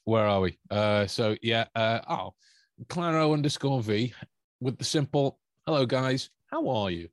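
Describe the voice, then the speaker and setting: A man with a mid-pitched voice co-hosts a casual podcast, pausing and restarting often. The recording is dry and close, with no room sound. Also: animated, no room sound. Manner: hesitant, many fillers and restarts. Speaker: podcast co-host. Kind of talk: casual chat.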